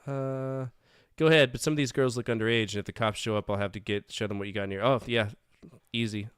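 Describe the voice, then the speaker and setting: A man's voice: mid-range voice, steady tone, fast, smooth, no echo, clean studio sound. A man playing a detective game, reading its narration aloud and adding wry comments. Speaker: let's-play streamer.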